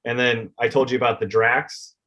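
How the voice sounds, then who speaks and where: A man's voice: mid-range voice, level tone, normal speed, pushed and bright, lo-fi sound. A man being interviewed as a children's book author, telling heartfelt stories and acting out the conversations he quotes. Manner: heartfelt, acts out quoted exchanges.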